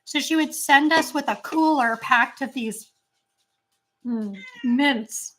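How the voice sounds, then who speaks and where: A woman's voice: high-pitched, slow pace, sharp tone, slight background noise. A woman hosting a casual snack-tasting chat at home, rambling with lots of fillers, her voice strained and not at its best. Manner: chatty, rambling with many fillers. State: voice strained, not great right now. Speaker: channel host.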